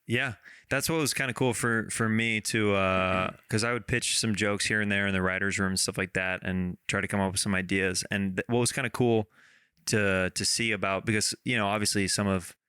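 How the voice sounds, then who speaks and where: A man hosting a podcast talks in an easy, rambling way, circling back and restarting his thoughts as he goes. His voice is bright and forceful, with a smooth, clean clarity. It is recorded dry and close, with almost no room sound. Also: fairly low pitch, fairly even intonation, fairly quick, no echo. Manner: rambling, many restarts, laughs often. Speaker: podcast host. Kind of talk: casual interview chat.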